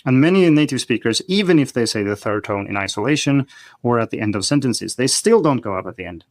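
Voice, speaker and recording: A fast-talking man with an expressive mid-range voice, recorded without room sound, joins a podcast as a guest. An expert in learning Chinese, he breaks the topic down methodically, much like a teacher would.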